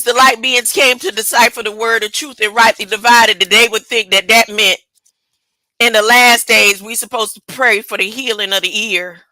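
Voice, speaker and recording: A woman's voice: on the high side, pushed and bright, no room sound, poor audio. A woman preaching an informal sermon, emphatic and colloquial, full of rhetorical questions.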